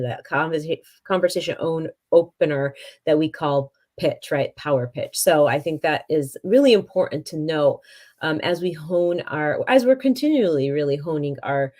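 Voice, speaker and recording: A woman's voice: low voice, lively intonation, normal speed, darkish tone. A woman hosting a business podcast interview, talking casually with frequent restarts and fillers. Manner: chatty, many restarts and fillers. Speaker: podcast host.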